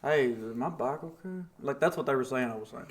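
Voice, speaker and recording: A man's voice: mid-range voice, a little fast. A man, a guest on a podcast, telling a story in casual chat, often laughing and acting out the voices of the people in it. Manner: animated, laughs often while telling stories; acts out voices of people in his stories.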